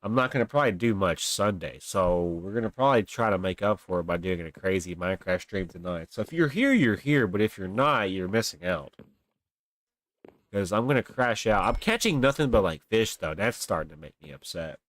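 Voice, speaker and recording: Sitting low in pitch and speaking briskly, a young streamer provides casual live game commentary. He's animated with his chat, grumbling and exaggerating about his luck, captured on a desk mic for a webcam stream.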